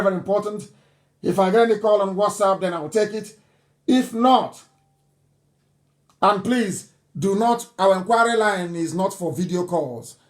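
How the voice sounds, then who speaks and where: A man giving a live radio address and taking calls, forceful and repeating himself as he pleads with listeners. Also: sits high.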